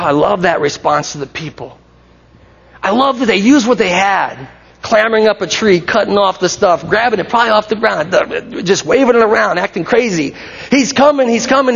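A man preaching a sermon in a lively, conversational way, to his congregation in a church. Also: high-pitched, gravelly, husky. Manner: animated, conversational, acts out crowd shouts. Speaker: pastor. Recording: dull recording with long hall reverb.

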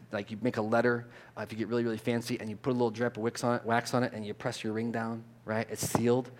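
Man preaching, casual and animated. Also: mid-range voice. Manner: informal, stumbling restarts and repeated words; grows loud and animated when emphasizing. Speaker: pastor. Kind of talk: conversational sermon.

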